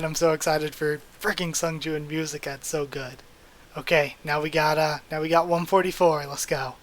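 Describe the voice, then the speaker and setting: Young guy super hyped reading manga out loud, kinda high voice, chatty. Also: normal speed. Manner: excited, hyped commentary. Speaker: YouTube reader. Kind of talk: manga readthrough.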